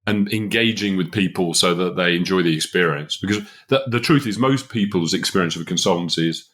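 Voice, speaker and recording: A man's voice: sits low, fairly quick, fairly bright tone. A man hosting a podcast, giving career advice in a casual, emphatic way and chuckling often. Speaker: podcast host, business consultant.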